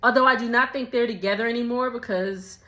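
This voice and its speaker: A woman's voice: on the high side, fast, reverberant. A woman casually recapping a reality show episode, laughing often and acting out the quotes. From Texas. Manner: laughs often, animated retelling with voiced quotes. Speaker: recap vlogger.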